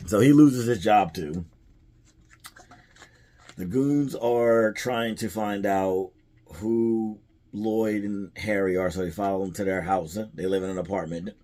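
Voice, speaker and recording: Man, film reviewer, casual plot recap, rambling, fairly low voice, chuckles now and then. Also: steady tone, measured pace, dark tone. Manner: rambling, chuckles at the jokes he retells. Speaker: movie reviewer.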